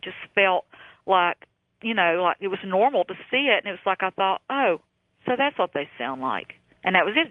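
A woman, a psychic guest on a phone-in radio interview, telling her stories in an earnest, folksy way while her voice is going hoarse. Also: medium pitch, dry recording. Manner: animated storyteller, earnest and folksy. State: losing her voice. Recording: tinny phone line.

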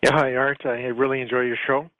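Flat-voiced caller from Canada. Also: male voice, medium pitch, a little fast, dry recording, highs cut off. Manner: flat, hesitant with many fillers. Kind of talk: call-in radio storytelling.

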